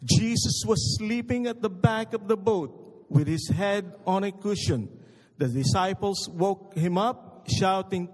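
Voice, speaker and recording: Slow, high-voiced preacher in an echoey hall. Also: male voice, lively intonation, a little mellow. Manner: slow, emphatic storytelling. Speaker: pastor. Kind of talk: sermon.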